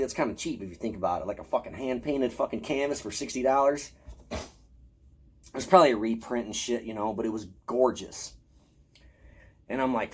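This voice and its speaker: Husky, profane man telling a story. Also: mid-range voice. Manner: profane, animated, acts out his own quotes. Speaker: horror convention vlogger showing his haul. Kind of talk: casual storytelling.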